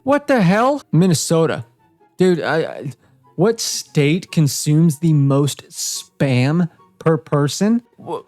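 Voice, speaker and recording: A man's voice: mid-range voice, darkish tone, no room sound. Young man reacting to trivia. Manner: reads trivia questions aloud, then reacts with exasperated, self-mocking outbursts. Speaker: gaming YouTuber. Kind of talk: casual gameplay commentary.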